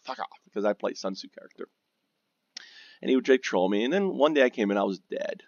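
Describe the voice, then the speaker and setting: A lower-pitched man with a gravelly, creaky voice, telling a rambling, profanity-laden story about his game. He trips over his words and restarts sentences often. The recording is dry and dull, like a lo-fi mic. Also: lively intonation, fast talker, a little mellow, no room sound. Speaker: gamer recounting guild drama.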